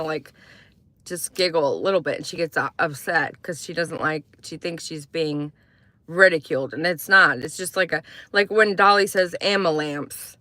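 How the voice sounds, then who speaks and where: A woman's voice: on the low side, sharp tone, dry recording. A woman chatting casually on a livestream from inside her car, rambling through her thoughts and thanking viewers by name. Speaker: livestream host.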